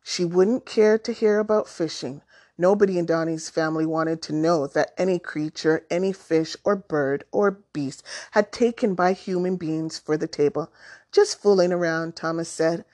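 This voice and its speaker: A woman narrating a children's story aloud in a calm, deliberate way. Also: sits low.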